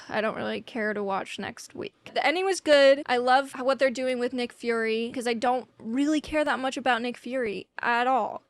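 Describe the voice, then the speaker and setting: A woman's voice: on the high side, smooth, dry recording. A young woman with a slight Southern US accent, reviewing a show to camera at home in a chatty way full of "like" fillers. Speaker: YouTube reviewer. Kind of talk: casual chat to camera. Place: at home in Texas.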